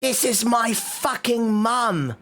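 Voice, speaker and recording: A man putting on Peppa Pig, high and slow. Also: lively intonation, a bit bright, full character voice. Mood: crude. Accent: British, put on. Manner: crude, mocking, drawn-out slow delivery. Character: foul-mouthed little girl pig.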